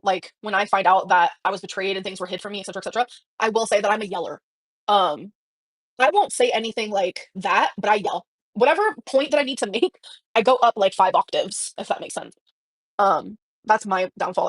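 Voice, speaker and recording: A woman's voice: mid-range voice, fairly quick, no room sound. A woman livestreaming, telling a personal story in a rambling, emotional way with many fillers. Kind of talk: casual livestream chat.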